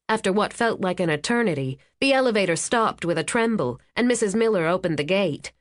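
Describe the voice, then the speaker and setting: A woman narrating a thriller audiobook in an even, steady storytelling manner on a close studio mic. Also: medium pitch, a little fast, hardly any pauses, dry recording.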